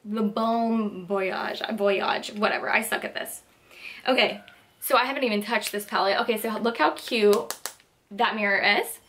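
A young woman beauty vlogger chatting casually through a makeup haul, gushing and excitable. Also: mid-range voice, moderate pace. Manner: gushing, excitable, lots of "like" and "so cute". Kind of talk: casual product haul chat.

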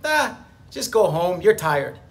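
Man doing a lazy inner lizard voice, coaxing, dismissive, high, swooping. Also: big pitch swings, slow, exaggerated voice.

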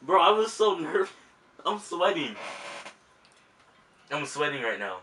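A man's voice: fairly high pitch, very animated, measured pace, background noise. A young man filming a prank vlog at home, apologizing over and over and laughing nervously. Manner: apologetic, laughing, repeating himself. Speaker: prank vlogger. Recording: roomy home audio, mic at a distance.

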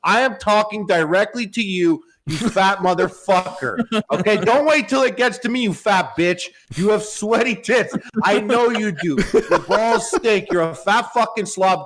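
A young man co-hosting a podcast, telling crude stories and ranting loudly with lots of swearing. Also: high-pitched, normal speed, few pauses. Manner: loud, rowdy, profane rants and storytelling. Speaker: podcast co-host. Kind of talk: crude casual podcast banter.

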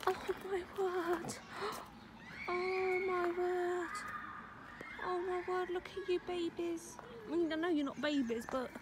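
A woman's voice: extremely high pitch, background noise. A woman vlogging outdoors at a wildlife park, gushing and cooing at the animals in baby talk. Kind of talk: casual vlog commentary.

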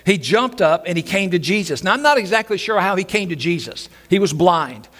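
A man preaching a Sunday sermon, his voice sitting a little high for a man. He repeats key phrases and bursts into acted shouts when he quotes. It sounds like a live church service. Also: animated, a little fast. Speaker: pastor. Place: church sanctuary.

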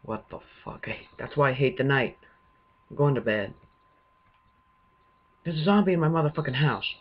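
Man gaming, husky voice, nervous profane play-by-play, dull lo-fi recording. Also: medium pitch, animated, normal speed. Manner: jumpy, swearing running commentary. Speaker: gamer. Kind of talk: let's-play commentary.

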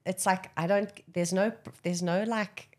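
A woman, an actress as guest, talking openly in an interview, often pausing and repeating words. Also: medium pitch, fairly even intonation. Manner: halting, repeats words, breaks into song snippets. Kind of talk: candid interview chat.

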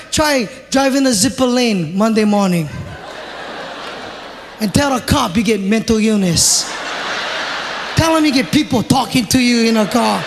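Brief: man, Hawaii Pidgin-inflected stand-up comic, high voice, shouts punchlines, live theater hall with crowd. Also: noisy background. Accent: Hawaii Pidgin-inflected English. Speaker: stand-up comedian. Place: large theater.

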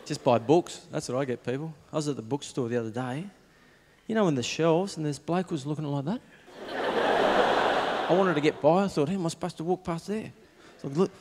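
A man with an Australian accent telling a stand-up comedy routine in a laconic, deadpan way, acting out little voices. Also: on the high side, a little fast, in a large hall, slight background noise. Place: stage before a live audience. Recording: live show with loud crowd laughter. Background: loud audience laughter.

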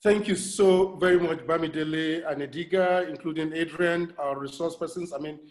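Guy closing out a zoom panel, kinda high voice, lots of uhs and thank yous. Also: normal speed. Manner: warm thanks, hesitant with many fillers. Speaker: session moderator. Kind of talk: moderating an online conference panel.

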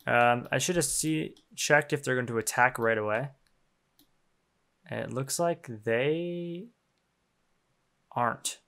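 A man's voice: mid-range voice, vocal fry. A young man casually commenting on his own gameplay, swearing freely, laughing often and getting worked up. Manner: profane, excitable, laughs often. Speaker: game streamer.

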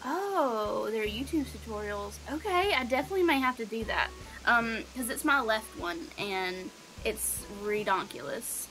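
Faint music sits behind a young woman from Alabama as she casually chats with viewers on a gameplay livestream. Her Southern-accented voice is fairly high and fairly bright, with lively intonation at a moderate pace, and she reads chat aloud, saying um and like a lot.

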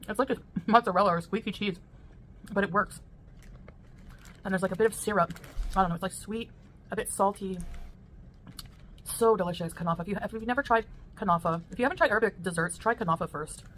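Woman food vlogger, relaxed and chatty, takes her time between bites. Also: mid-range voice, a little hiss or hum. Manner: chatty and relaxed, pauses to taste between remarks. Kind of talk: casual eating vlog, explaining dishes.

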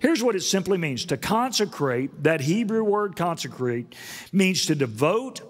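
A pastor delivering a sermon in a church, earnest, with slow, low passages and lifts to high, stressed words. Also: male voice, big pitch swings, long reverb tail. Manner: earnest preaching, rises high and loud for emphasis, drops low and slow. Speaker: senior pastor. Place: church auditorium.

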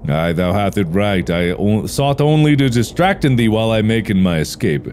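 A man's voice: on the low side, very animated, moderate pace, a little mellow, slight background noise. A man doing a stilted, sly talking tree. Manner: stilted mock-archaic speech. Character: archaic-speaking sinful talking tree.

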